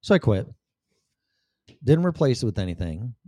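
A man's voice: mid-range voice, sing-song, moderate pace, dark tone, no echo. A middle-aged man talking candidly to the camera in a blunt, rambling, profane way. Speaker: vlogger. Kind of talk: candid personal monologue.

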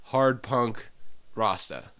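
Man, podcast co-host, bright tone, playful, quick jokes. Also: medium pitch, sing-song. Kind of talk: casual comedic riffing.

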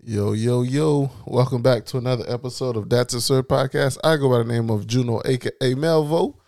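A man hosting a podcast, opening the show and teasing his co-hosts in a relaxed, joking way. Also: mid-range voice, fairly quick. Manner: relaxed, joking, leading the talk. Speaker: podcast host. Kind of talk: casual podcast chat.

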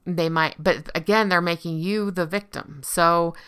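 A woman's voice: lowish voice, fairly even intonation, unhurried, fairly bright tone, clear, resonant tone. A woman giving a casual explanatory talk, conversational and often checking in with the listener. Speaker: speaker on relationship abuse.

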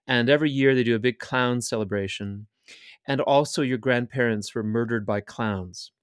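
A man's voice: mid-range voice, normal speed, clear, resonant tone, no echo. Male host, chatty, swears freely, dry close sound. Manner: animated storyteller, swears casually. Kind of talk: casual chat.

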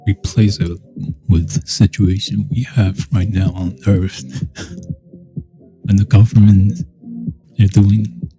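A man's voice: lowish voice, level tone, slow pace, pauses often, warm tone. A man talking in a rambling casual monologue, full of restarts and mocking quoted voices. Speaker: show host. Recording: music playing behind the voice.

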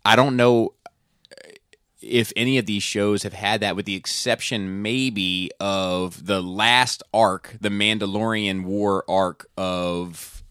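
Male podcast co-host, low bright voice, animated and swearing freely, dry close mic. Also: slow pace, smooth, no room sound. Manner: animated, profane, laughs loudly and often. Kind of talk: casual chat.

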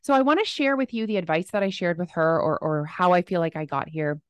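A woman's voice: fairly low pitch, a little fast, clear, resonant tone, no room sound, dull audio. A woman in her thirties hosting her own solo podcast, chatty and openly emotional, with her energy rising and dipping as she talks. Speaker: podcast host.

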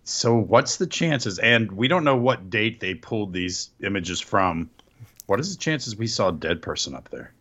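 A man's voice: fairly low pitch, sing-song, moderate pace, a bit bright, muffled recording. A man co-hosting a casual podcast, making dry wisecracks. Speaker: podcast co-host.

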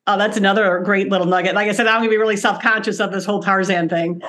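A woman hosting a casual podcast conversation, enthusiastic and quick to laugh. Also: mid-range voice, steady tone, fairly bright tone. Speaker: podcast host.

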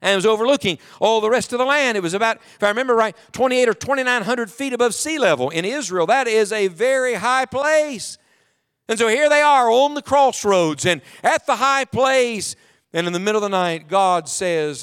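High-voiced preaching man. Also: animated, moderate pace, smooth. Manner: preaching with sweeping swings in volume, dropping to near hush. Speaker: pastor. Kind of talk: sermon. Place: church sanctuary.

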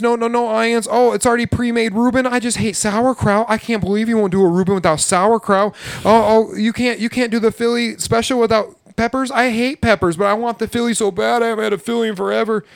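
A man's voice: extremely high pitch, creaky, dry recording, studio quality, pitched above the performer's own voice. A man voicing a fussy, picky restaurant customer who whines and makes demands. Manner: whiny, complaining, demanding.

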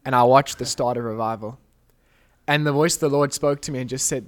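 A young man hosting a podcast, telling an emotional faith testimony with earnest, animated storytelling. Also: medium pitch, a little fast. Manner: earnest, animated storytelling, quoting prayers aloud. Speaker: podcast host. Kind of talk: emotional testimony in a casual chat.

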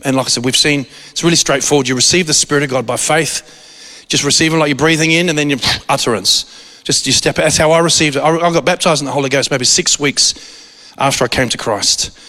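Preacher with a fairly high voice in a reverberant hall. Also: male voice, brisk. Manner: animated, restarts often, acts out quoted voices. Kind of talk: sermon with storytelling.

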